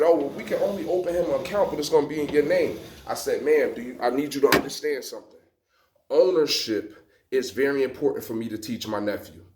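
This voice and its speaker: A man vlogging from an outdoor home gym, telling a story to his viewers in a lively, emphatic way while working a rowing machine. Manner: lively, emphatic storyteller, acting out quotes with big pitch jumps.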